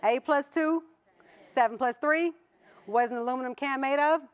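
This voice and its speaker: A woman with a high-pitched voice and a Southern US accent speaks at normal speed. As keynote speaker in a conference hall, she gives a motivational talk, playful and laughing often as she questions the audience.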